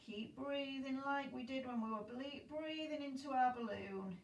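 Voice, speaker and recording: A woman's voice: high-pitched, moderate pace, reverberant, distant mic, slight background noise, low-quality recording. A woman guiding a children's yoga class in an encouraging, playful way. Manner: encouraging, playful, makes animal noises.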